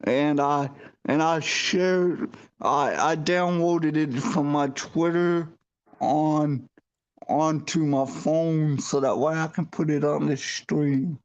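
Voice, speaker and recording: A man hosts a casual livestream sports chat, speaking very slowly in a fairly high voice and stumbling over repeated words. The stream audio is dull and lo-fi. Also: fairly even intonation. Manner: halting, repeats words and restarts. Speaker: show host.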